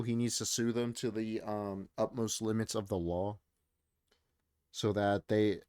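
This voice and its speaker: Lower-pitched man reacting casually to posts. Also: darkish tone, no echo, clean studio sound. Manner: rambling, filler-heavy, reading posts aloud. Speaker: commentary streamer.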